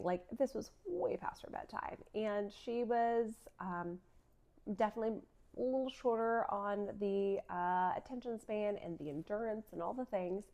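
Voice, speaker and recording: This vlogger, a woman in her thirties, has a medium-pitched and somewhat mellow voice. She tells her own faith story casually, laughing often and leaning on plenty of filler words.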